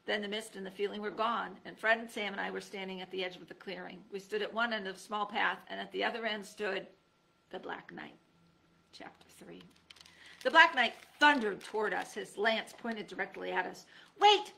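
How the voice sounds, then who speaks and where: A woman reads a children's chapter book aloud, her voice bright and edged with gravel. She gives each character a lively voice of its own and leaps up in pitch when the action peaks. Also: brisk. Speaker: teacher reading aloud. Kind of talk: storybook read-aloud.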